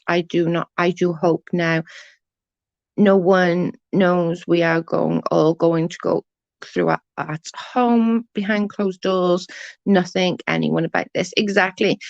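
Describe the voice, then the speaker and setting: With vocal fry and a lowish, steady voice, this English woman from England speaks slowly as she hosts a livestream. She reads comments in casual chat, replying bluntly and swearing freely. The audio has no echo and is dull, dry and lo-fi, typical of a stream.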